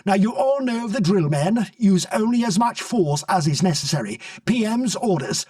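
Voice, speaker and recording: A man voicing a shrill young male army officer with a posh London accent, giving sharp commands, recorded dry from a distance. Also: big pitch swings, moderate pace, no room sound. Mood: commanding.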